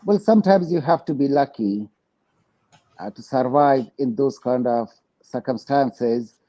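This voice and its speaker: A man answering questions in a calm, measured way. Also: medium pitch. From Afghanistan. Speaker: guest co-host. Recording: dull lo-fi sound.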